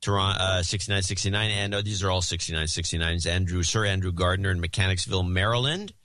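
Low, bright-voiced man reading donor names. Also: fast talker, no echo. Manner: dry, sardonic, reads names and amounts in a steady rhythm. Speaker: podcast co-host. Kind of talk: casual chat, reading donor list.

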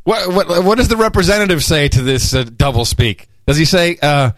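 A man co-hosting a podcast in casual chat, sarcastic and animated. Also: on the high side, brisk, few pauses, dry recording. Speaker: podcast co-host.

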